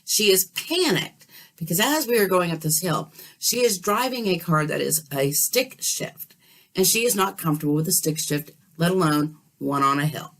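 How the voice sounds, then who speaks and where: A woman telling a story in a casual, animated way, often checking in with her listener. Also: fairly low pitch, normal speed. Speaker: dream vlogger.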